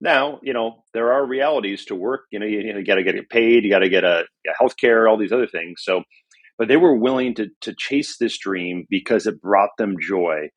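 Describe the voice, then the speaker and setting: Husky lowish-voiced guy, middle-aged author chatting thoughtfully in an interview, lots of ums. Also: normal speed. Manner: reflective, storytelling with frequent fillers. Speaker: author and journalist guest. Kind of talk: conversational interview.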